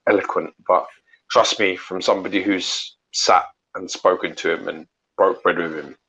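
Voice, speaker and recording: A man's voice: low-pitched, steady tone, moderate pace, sharp tone, slightly rough. A man, bantering bluntly and teasing as co-host of a casual live chat. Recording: muffled lo-fi sound.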